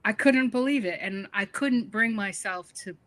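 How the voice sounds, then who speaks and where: A middle-aged woman from the northern United States talks as an author guest, chatty and animated. Her voice is bright and forward, and she laughs easily as her stories unfold. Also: medium pitch, moderate pace. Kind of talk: casual interview conversation.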